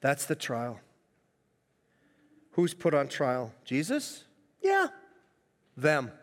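A man preaching a sermon as pastor, in an animated, jokey way with frequent laughs, recorded in a church hall. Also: medium pitch, very slow. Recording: long echo of a church hall.

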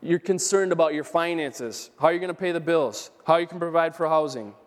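A man preaches briskly in a church sanctuary, his pitch leaning high, driving home key phrases by repeating them with earnest emphasis. Long hall reverb fills the recording.

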